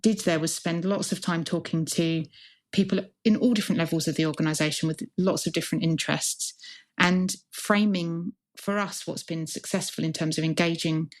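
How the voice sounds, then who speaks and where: A woman's voice: low voice, fairly even intonation, moderate pace. A woman who is a hospital chief information officer, answering interview questions in an earnest, reflective way and building her points as lists.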